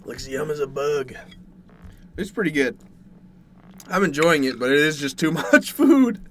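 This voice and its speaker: A young man from Canada streaming from a dark bedroom, chatting casually with viewers in a rambling way while working through a plate of food. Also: on the high side, expressive, unhurried, long pauses, slight background noise.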